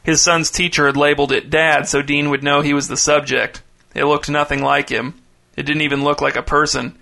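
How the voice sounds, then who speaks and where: A man narrating a short story in a measured, deadpan reading. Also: fairly high pitch, vocal fry.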